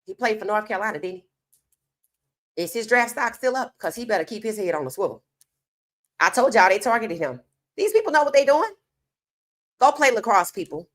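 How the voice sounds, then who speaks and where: A woman hosts an opinionated sports commentary monologue, speaking casually and emphatically and firing rhetorical questions straight at her viewers. Her mid-range voice is sing-song and a little fast, with long pauses.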